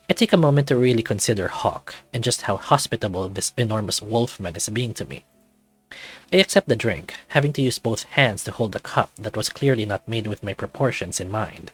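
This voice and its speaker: A man narrating a story in the first person in a measured, expressive way. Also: on the low side, husky, soft background music.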